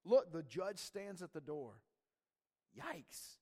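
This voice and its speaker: A man's voice: a little high, animated, fairly quick, darkish tone. A man preaching a sermon in a casual, conversational way, often checking in with the audience and asking "right?". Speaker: pastor.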